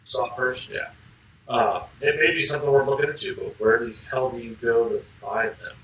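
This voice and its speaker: A man co-hosts a casual podcast in a relaxed, rambling manner and sometimes gropes for words. His voice is bright and sits a little back from the mic in a roomy, echoey space. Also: mid-range voice, moderate pace, slight background noise. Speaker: podcast co-host. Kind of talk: casual chat. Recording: roomy, mic a bit distant.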